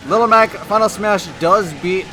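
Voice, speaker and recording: Excitable male esports commentator, bright voice. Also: sits high, moderate pace. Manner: excitable, breaks into shouts and laughter. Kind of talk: live tournament commentary. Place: tournament venue.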